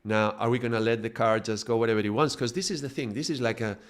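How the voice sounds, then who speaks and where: A man giving a live spiritual talk at an ordinary pitch. He explains through long metaphors and keeps checking in with his listeners. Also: fairly even intonation, fast. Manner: builds extended metaphors, checks in with tag questions. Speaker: spiritual teacher.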